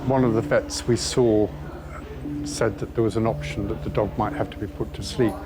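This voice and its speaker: Male owner interviewee, lowish voice, hesitant delivery, music bed. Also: fairly even intonation, moderate pace. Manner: hesitant, with fillers. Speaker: dog owner. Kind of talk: documentary interview.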